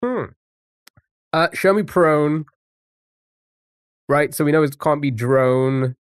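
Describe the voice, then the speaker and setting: A man's voice: fairly high pitch, slow, clear, resonant tone, no room sound, studio quality. A man streaming live, chatting casually with viewers and thinking aloud while guessing words. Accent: non-American English.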